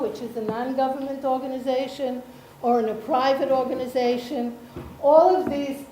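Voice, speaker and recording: A woman from Israel presenting a workshop, explaining slowly with many pauses and ums and often checking in with her audience. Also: sits high, a little mellow, a little hiss or hum. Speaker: workshop presenter, association chair. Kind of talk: slow explanatory workshop talk. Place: lecture room. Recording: echoey room with faint ambience.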